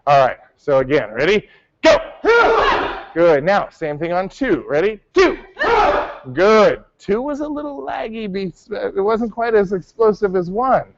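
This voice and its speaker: A man's voice: high voice, lively intonation, unhurried, dull audio, heavy background noise. A male martial arts instructor teaching a class, calling out counts and coaching his students. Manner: barks counts, coaching and correcting.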